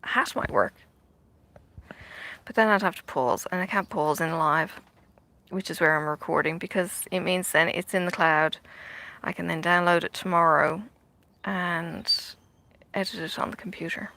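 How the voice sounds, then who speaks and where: Woman, middle-aged, gravelly voice, bright tone, casual chat while stitching, rambling, many fillers, half-whispered asides. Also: fairly low pitch, fairly even intonation, moderate pace. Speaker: vlogger. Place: outdoors in bright sun.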